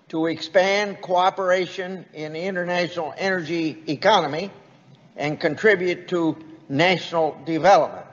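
A slow, deliberate man delivers a formal speech in a large chamber. His fairly high voice carries a long reverb, and the recording sounds dull and lo-fi. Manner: slow, deliberate, reading quotes aloud. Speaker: senator giving a speech.

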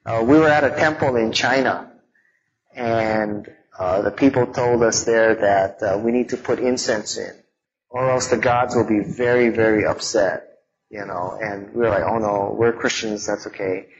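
A man teaching a live audience in a relaxed, conversational way, mixing in stories from growing up and frequent fillers. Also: lowish voice, unhurried, lo-fi sound. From Hawaii.

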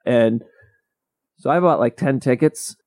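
A man's voice: mid-range voice, a little slow, a little mellow, no echo. Man with a dry close-mic sound. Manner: rambling, self-interrupting storyteller. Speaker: podcast co-host. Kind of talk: casual chat.

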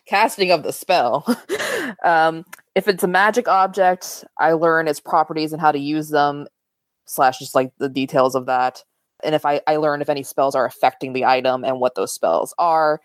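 Very low-voiced woman player. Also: fairly even intonation, dry recording. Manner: chatty, quick to laugh, trips over words. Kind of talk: tabletop role-play.

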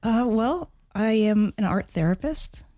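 A woman's voice: fairly high pitch, expressive, measured pace, warm tone, no room sound. A woman who works as an art therapist, a guest on a podcast, chatting in an easygoing way and laughing readily. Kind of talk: casual podcast interview. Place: Las Vegas.

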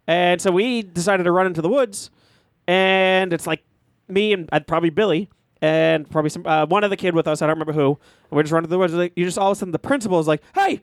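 Man, high voice, dry close mic, profane rambling storyteller. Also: fast, no echo. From Massachusetts. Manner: rambling, profane, acts out quotes. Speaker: podcast co-host. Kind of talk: casual storytelling chat.

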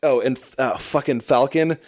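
A man chatting casually on a podcast, laughing often and cursing freely. His voice sits at an ordinary middle pitch. He sounds loose and unguarded. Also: normal speed, a little mellow. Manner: laughs a lot, swears freely. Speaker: podcast co-host. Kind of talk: casual chat.

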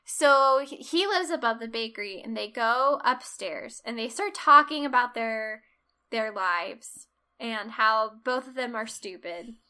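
A woman co-hosting a casual chat, retelling a film's plot in animated detail and acting out the characters' lines. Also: fairly high pitch, a little slow, smooth. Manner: animated storyteller, acts out quotes, laughs often. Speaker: podcast co-host. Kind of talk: casual film recap chat.

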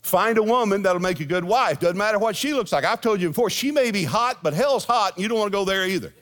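A man's voice: sits high, lively intonation, fast talker, a bit bright. A middle-aged man preaching a sermon as senior pastor, folksy, telling jokes and stories to his congregation. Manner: folksy storytelling with jokes and asides. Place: church sanctuary with congregation.

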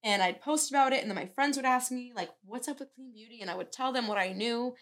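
A woman's voice: fairly high pitch, quick pace, a bit bright. A woman hosts a podcast in a casual chat. She talks in a gushing, effusive way. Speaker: podcast host.

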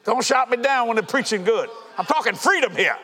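Fiery high-voiced preacher. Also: male voice, lively intonation, a little fast, slightly rough. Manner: fervent preaching with shouts and laughter. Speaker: pastor. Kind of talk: sermon. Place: church sanctuary. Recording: reverberant church hall.

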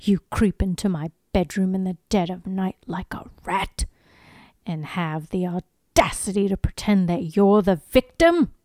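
A woman's voice: mid-range voice, animated, a little slow, warm tone, no room sound, clean studio sound, lightly acted. Woman putting on a menacing British tycoon. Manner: theatrical, reads lines then laughs. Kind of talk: podcast scene read-aloud.

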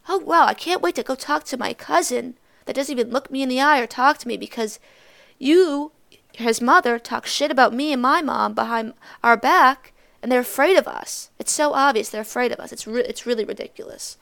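A woman's voice: sits high, fairly quick, creaky, sharp tone. A teenage girl from Massachusetts hosting a solo podcast, ranting in a blunt, profane and sarcastic way. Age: teens. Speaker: podcast host.

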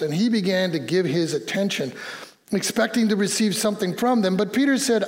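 Animated high-voiced male pastor preaching. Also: moderate pace. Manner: animated storytelling with quoted dialogue and laughs. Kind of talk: sermon. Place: church.

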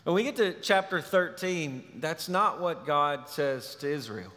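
A male pastor preaching a sermon, telling a story in a relaxed, conversational way. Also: high voice, slow pace. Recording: long reverb of a large hall.

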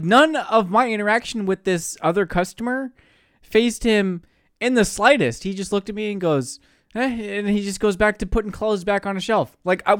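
Recorded cleanly in studio quality with no room sound, this young Pacific Northwest podcast co-host has a high voice. He tells a casual story full of laughter and liberal swearing.

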